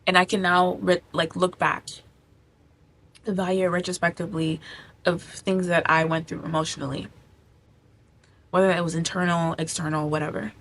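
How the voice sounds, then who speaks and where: A woman's voice: lowish voice, little pitch movement, moderate pace, long pauses, fairly bright tone, slight background noise. A young woman talking to camera in a personal vlog, gushing and repeating herself, close to tears at times. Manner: gushing, repetitive, tearful at times. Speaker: vlogger. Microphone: camera mic.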